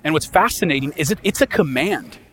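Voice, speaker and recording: A man's voice: fairly high pitch, animated, brisk, a bit bright. A man preaching a sermon as a pastor, talking in a conversational way and often checking in with his listeners.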